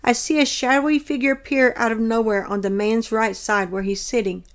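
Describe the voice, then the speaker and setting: A woman's voice: a little high, fairly even intonation, brisk. Earnest woman reading a religious testimony. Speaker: dream narrator.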